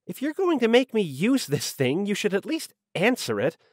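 A man voicing an impatient, sharp-tongued young woman secretary in an audiobook. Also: a little high, very animated, normal speed, no room sound, clean studio sound. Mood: irritated. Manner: curt, snappish.

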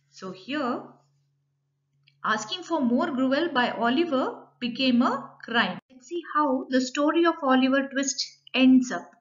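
Woman, Indian English accent, high voice, reads a line then re-explains it, dull lo-fi recording. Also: fairly bright tone. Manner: reads a line, then restates it in simple words. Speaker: school English teacher. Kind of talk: reading a story aloud and explaining it.

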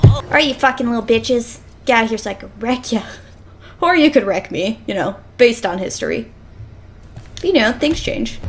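A woman's voice: on the high side, very animated, normal speed, a bit bright, faint music behind. A woman hosting a let's-play of a video game, frustrated and swearing constantly as she plays. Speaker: gaming channel host.

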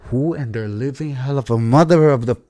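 A young man giving live gameplay commentary, exasperated and yelling at the game, with mild cursing. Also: medium pitch, a little fast, noisy background. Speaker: gaming YouTuber.

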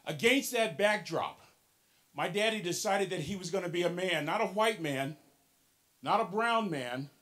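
A man's voice: sits high, animated, moderate pace, fairly bright tone. A man with a Texan accent giving a motivational keynote, folksy and playful, leading the audience in call-and-response. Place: large hall with live audience.

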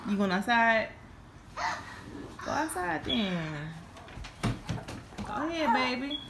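A woman's voice: sits high, animated, takes it slowly, vocal fry. Sing-song mother cooing at her kids. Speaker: mother filming her children. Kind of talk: casual home vlog, baby talk to her kids. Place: at home, indoors. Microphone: phone camera held by the speaker. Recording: noisy home phone recording.

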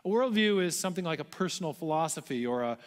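A man's voice: fairly high pitch, animated, quick pace. A man giving a public lecture to a large audience, telling history as a story with self-deprecating asides. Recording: long hall reverb.

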